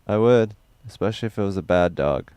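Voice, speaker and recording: A young man livestreaming, reading chat questions aloud in a loose, rambling, crude and deadpan way. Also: fairly low pitch, a little fast, smooth, dry recording.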